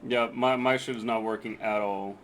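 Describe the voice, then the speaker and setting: A man's voice: on the low side, fairly even intonation, moderate pace, fairly bright tone. A man streaming a game, chatting casually, joking, swearing and laughing easily with friends. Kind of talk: casual chat while gaming on stream.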